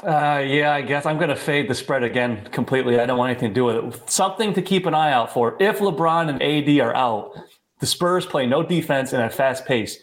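Man, betting analyst, mid-pitched voice, punchy, decisive. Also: a little fast. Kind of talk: casual panel chat.

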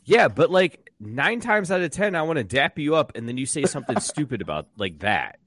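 A man co-hosting a casual sports podcast, teasing and quick to jump in. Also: a little high, dry recording. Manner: teasing, animated, quick to interrupt. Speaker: podcast co-host.

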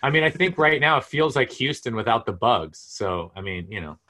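A man's voice: mid-range voice, lively intonation, fairly quick, pushed and bright. A middle-aged man co-hosting a podcast, easygoing and telling stories with many fillers. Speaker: co-host. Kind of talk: casual podcast chat.

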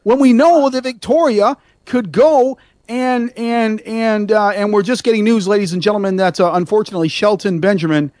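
A man hosting an internet radio talk show, talking in an animated, rambling way with many restarts and self-mocking asides. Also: high-pitched, normal speed, few pauses, no echo, studio quality. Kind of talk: casual radio chat.

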